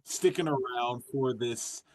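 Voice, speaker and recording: A man's voice: mid-range voice, slow. A man hosting a livestream, chatting casually and loosely, with many fillers as he thanks viewers. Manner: relaxed, full of fillers and restarts. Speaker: streamer host.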